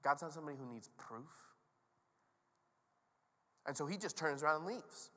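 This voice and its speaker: A pastor with a slightly high voice speaks at a normal pace, delivering his sermon casually with humor and lively storytelling. The recording carries a large hall's long reverb, fitting the church sanctuary setting.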